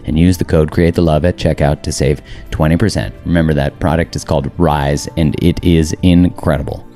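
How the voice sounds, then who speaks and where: A man's voice: rumbling low, steady tone, fairly quick, hardly any pauses, dark tone, soft background music. A man hosting a podcast, reading a sponsor message with enthusiasm. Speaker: podcast host. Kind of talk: read sponsor ad and interview.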